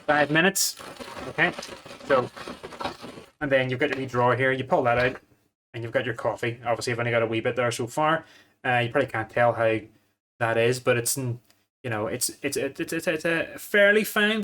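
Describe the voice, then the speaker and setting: Male food vlogger, mid-pitched, chatty and self-mocking, talks to camera while cooking. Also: fairly bright tone, slight background noise. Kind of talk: casual home cooking demo.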